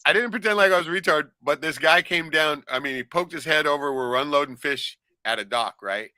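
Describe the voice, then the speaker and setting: A man's voice: a little high, fairly quick, no room sound. A man chatting casually as a podcast host, swearing freely and breaking into laughter as he tells stories. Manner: animated, profane, laughs often. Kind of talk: casual chat.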